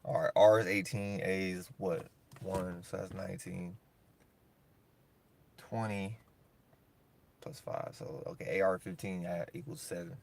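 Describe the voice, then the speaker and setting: A man, ranting in a rambling solo monologue, profane and heated, swinging between loud bursts and low mutters. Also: steady tone, a little slow, creaky, pauses often, a little hiss or hum. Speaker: monologuing creator.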